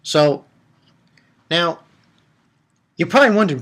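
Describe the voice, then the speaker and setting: Excitable rambling male anime reviewer. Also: unhurried, pauses often. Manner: rambling and excitable, swings into high squeals. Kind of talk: casual episode review.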